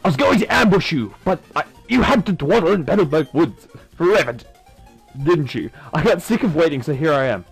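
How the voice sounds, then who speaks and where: Sneering game thug, male, impatient, lively pitch, read by a man. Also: brisk, gravelly, slightly rough, soft background music, exaggerated voice. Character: taunting male villain thug.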